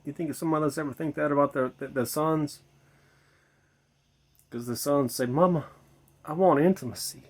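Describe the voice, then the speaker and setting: A man's voice: a little high, steady tone, moderate pace, pauses often. A tipsy man rambling to camera outdoors at night, repeating himself, swearing and musing aloud to viewers he calls his children. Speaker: vlogger in a "Mother" persona. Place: outdoors at night beside a bar.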